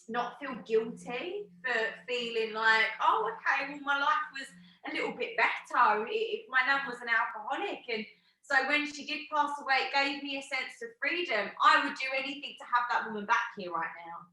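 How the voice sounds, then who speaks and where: A female co-host talks in an effusive, affectionate way over a video call. Her voice is bright and a little high, and it echoes around the room. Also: normal speed. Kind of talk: emotional supportive talk on a video call. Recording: roomy echo.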